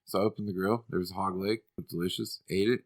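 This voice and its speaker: A man's voice: deep voice, fairly even intonation. A man co-hosting a podcast, telling profane, joking stories. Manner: quick, joking, profane storyteller. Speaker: podcast co-host. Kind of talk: casual podcast banter.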